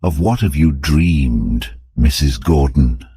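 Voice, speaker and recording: A grim, stern hunter, very deep and husky, slow and measured. A man voices him in a storybook reading, dry and close. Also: lively intonation, no room sound, exaggerated voice. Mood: gentle. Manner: gentle then growling, grim.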